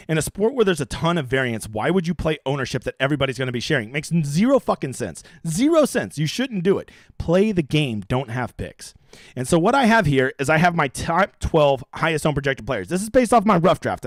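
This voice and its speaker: Brash, fast-talking young man streaming. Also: fairly high pitch, dry recording, studio quality. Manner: brash, profane, rambling. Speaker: fantasy sports streamer. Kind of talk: profane live-stream strategy talk.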